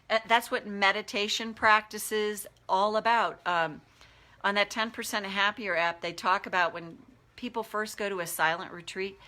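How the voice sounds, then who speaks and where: A middle-aged woman, a life coach, talking casually on a live stream and acting out the voices in her head. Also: medium pitch. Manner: animated, acts out inner voices.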